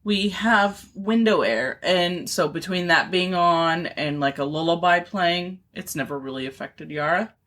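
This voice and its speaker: A woman's voice: on the low side, unhurried, few pauses, a bit bright. A woman in her thirties co-hosting a podcast in casual chat, rambling with lots of fillers and restarts. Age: 30s. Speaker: podcast co-host.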